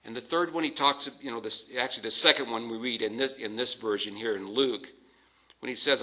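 A man preaching a sermon, teaching scripture in a measured, emphatic way with pauses. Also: mid-range voice, bright, forceful tone, low-quality recording.

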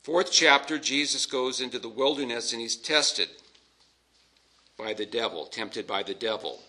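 A man preaching a sermon, teaching scripture in a measured, emphatic way with pauses. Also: medium pitch, bright, forceful tone, low-quality recording.

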